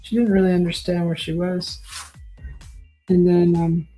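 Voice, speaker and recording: Mellow-voiced woman telling a rambling story. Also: on the low side, flat delivery, soft background music, rough recording. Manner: rambling, halting, with frequent restarts and fillers. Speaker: painting host. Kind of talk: casual storytelling while painting.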